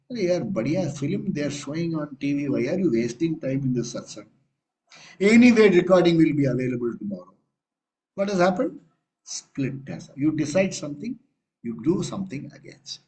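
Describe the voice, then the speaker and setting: A man's voice: on the high side, a little mellow, low-quality recording. A man with an Indian English accent giving a conversational satsang discourse as a spiritual teacher, acting out everyday scenes as he explains. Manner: conversational, acts out little scenes with changing voice.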